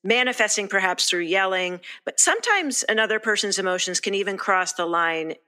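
A woman hosting a podcast, steering the conversation with questions and animated, playful asides. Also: a little fast, clean tone. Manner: animated, playful, jokes in high mock voices. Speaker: podcast host and moderator. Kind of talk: conversational moderating.

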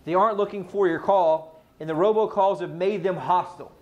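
Guy running a sales training in front of a room, fairly high voice, punchy, keeps quizzing people. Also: lo-fi sound. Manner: energetic, quizzes the audience, rapid questions. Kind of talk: live sales training talk. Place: training room with a live audience.

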